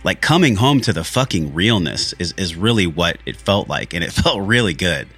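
A man's voice: deep voice, sing-song, normal speed, fairly bright tone, husky, faint music behind. A man hosting a podcast, talking earnestly and candidly about a spiritual journey, with frequent swearing. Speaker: podcast host. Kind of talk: candid reflective monologue.

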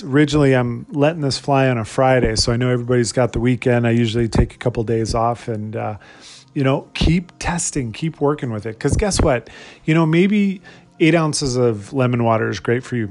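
A man's voice: mid-range voice, a little fast, a little mellow. A man hosting a solo motivational podcast, talking energetically and asking his listeners lots of rhetorical questions. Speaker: podcast host.

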